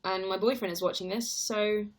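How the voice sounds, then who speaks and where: A woman's voice: medium pitch, fairly even intonation, normal speed. A young woman chatting casually on a livestream, rambling and answering viewer comments. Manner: chatty and rambling, heavy use of "like". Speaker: stage actor and livestreamer.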